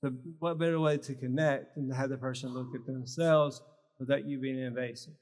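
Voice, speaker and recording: A man's voice: mid-range voice, steady tone, brisk, darkish tone. A man giving a live workshop talk at a health symposium, teaching with short, emphatic phrases. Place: large church hall. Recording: long reverb of a large hall.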